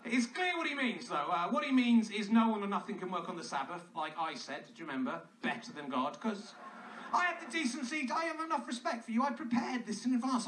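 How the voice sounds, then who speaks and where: A man's voice: very high-pitched, fairly bright tone. A man performing a comedic monologue in a sarcastic, mocking and nitpicking way. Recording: echoey room, distant mic, faint noise.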